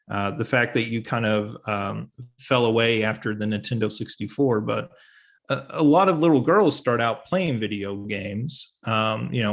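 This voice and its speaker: A man moderating a panel discussion over a video call, relaxed and hesitant with many fillers. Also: medium pitch, vocal fry.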